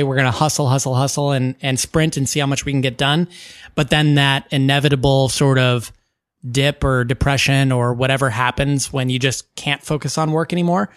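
A man co-hosting a podcast in casual chat, thoughtful and measured, with frequent ums. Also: mid-range voice, smooth, dry recording, studio quality. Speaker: podcast co-host.

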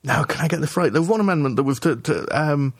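A man co-hosting a casual political podcast, talking in halting restarts and swearing as he builds his argument. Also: a little high, lively intonation, slightly rough, no echo, studio quality. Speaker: podcast co-host.

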